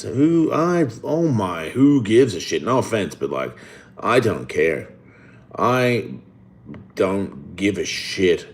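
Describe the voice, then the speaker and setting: A middle-aged man hosting a casual live stream, reading the chat and answering in a blunt, rambling way with free swearing. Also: low-pitched.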